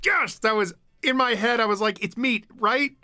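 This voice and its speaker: A young man with a bright, forceful voice talks loosely on a home stream, rambling from one thought to the next. He laughs a lot and swears without a second thought. The sound is dry and close, with no room around it. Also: very high-pitched, moderate pace, dry recording. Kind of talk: casual chat.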